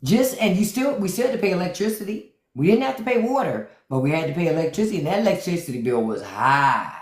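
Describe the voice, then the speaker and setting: A woman with a lower voice and hosts a casual live stream. She talks bluntly and jokingly and swears freely. Her voice carries a roomy echo. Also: quick pace. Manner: blunt, profane and joking, with animated quoted asides. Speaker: podcast host on a live stream.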